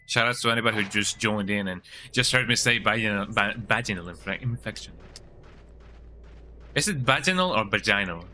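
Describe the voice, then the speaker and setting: A man's voice: on the low side, normal speed, sharp tone, slight background noise. A man, streaming a horror game and rambling through crude jokes as he thinks aloud. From Mexico. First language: Spanish. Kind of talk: live game commentary.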